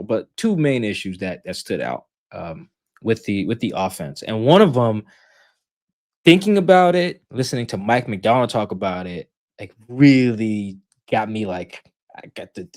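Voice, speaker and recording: Rambling, joking male sports co-host. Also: fairly low pitch. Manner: joking, rambling, lots of fillers. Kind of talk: casual sports chat.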